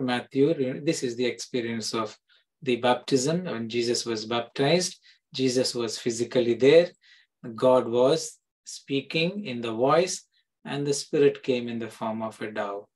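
A man's voice: mid-range voice, rough recording. A middle-aged male pastor giving a Bible-teaching sermon, reading scripture verses aloud and explaining them, with frequent restarts.

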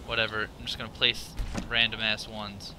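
A man giving live gameplay commentary, profane and excitable, thinking out loud and yelping at scares, with loud game sound under his voice. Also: lowish voice, normal speed, background noise. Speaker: let's play gamer.

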